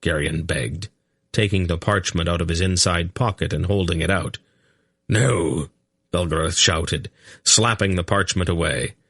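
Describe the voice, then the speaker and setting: Deep-voiced male audiobook narrator. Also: fairly even intonation, normal speed, fairly bright tone, husky, no room sound, clean studio sound. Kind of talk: scripted narration.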